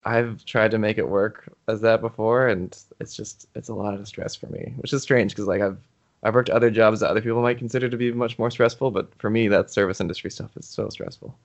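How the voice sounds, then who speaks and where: Soft-spoken thoughtful young man. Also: on the low side, fairly even intonation, a little fast, dull audio. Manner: thoughtful, hesitant, restarts often, gets emotional. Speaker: interview guest, YouTuber. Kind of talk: casual interview answers.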